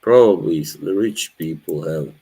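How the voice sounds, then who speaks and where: A man's voice: deep voice, unhurried, gravelly, mellow, husky, low-quality recording. A man, chatting casually with his live chat as a streamer, laughing often. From Bosnia. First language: Norwegian. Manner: laid-back, laughs often, chats to viewers.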